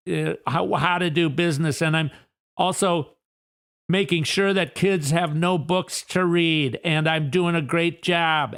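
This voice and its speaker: A man doing a mocking impression of a smug, boastful male politician who brags slowly and pleased with himself. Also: fairly high pitch, a bit bright, clear, resonant tone, voice pushed up. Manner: slow, self-satisfied boasting.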